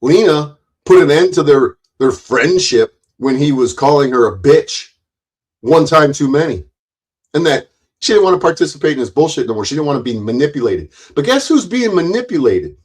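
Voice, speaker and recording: A man who runs his own channel, delivering a heated livestream rant in a forceful, mocking and sarcastic way, full of swearing. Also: a little high, sing-song, moderate pace, breathy edge. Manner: loud, forceful delivery that he calls passion. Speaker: YouTube channel owner.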